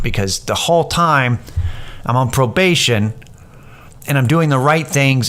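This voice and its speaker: In a casual storytelling monologue, a man in his thirties who hosts a podcast shares something personal, rambling candidly, swearing, and livening up when quoting people. He has a clean, medium-pitched voice.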